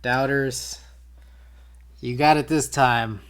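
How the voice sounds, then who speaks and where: A man's voice: medium pitch, steady tone, takes it slowly, fairly bright tone, a little hiss or hum. A man streaming live, chatting casually with viewers while typing on a keyboard he built. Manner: laid-back, talks to chat while typing.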